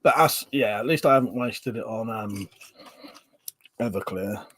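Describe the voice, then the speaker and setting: A man's voice: on the low side, measured pace, fairly bright tone, no room sound. A man hosting a casual livestream from home, reading out viewer comments with frequent laughs, banter and swearing. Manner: chatty and swearing, laughs often, drinking on stream. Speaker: livestream host.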